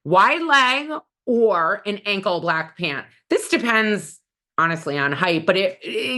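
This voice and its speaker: Middle-aged lady stylist, bright voice, bossy blunt fashion tips, chatty. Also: mid-range voice. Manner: bold, blunt and opinionated. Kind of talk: casual how-to advice talk.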